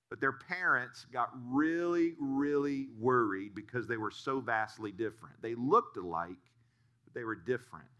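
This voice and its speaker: A man's voice: medium pitch, sharp tone. A male pastor giving a sermon and telling stories in an earnest way. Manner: storytelling, earnest.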